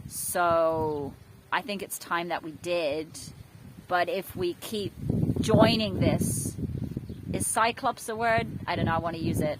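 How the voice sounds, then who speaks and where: A woman, rambling chattily and mocking herself as she vlogs outdoors next to a main road. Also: fairly low pitch. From England. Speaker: vlogger. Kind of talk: casual vlog talk to camera. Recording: loud road noise outdoors. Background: loud traffic noise.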